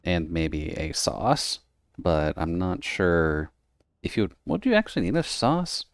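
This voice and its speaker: Very deep, smooth-voiced male streamer. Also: very animated, unhurried, no echo, studio quality. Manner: rambling, laughs often. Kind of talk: casual chat while gaming.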